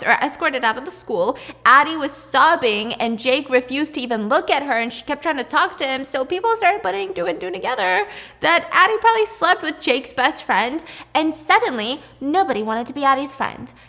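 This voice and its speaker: A woman's voice: on the high side, sharp tone. Chatty young woman, echoey room. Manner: chatty, enthusiastic, casual. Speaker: host. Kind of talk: storytime vlog and ad read. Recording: long echoey room reverb.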